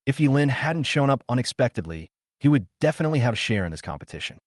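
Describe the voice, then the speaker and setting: A man narrating a comic story recap in a steady storytelling manner. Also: mid-range voice, quick pace, no room sound, studio quality.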